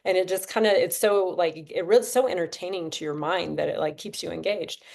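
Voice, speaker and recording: Lower-voiced woman guiding breathwork. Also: fairly even intonation, a little fast, creaky, a little mellow. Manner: chatty, encouraging, talks the class through counts. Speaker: breathwork instructor. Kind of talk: guided breathing class on a video call. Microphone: video call.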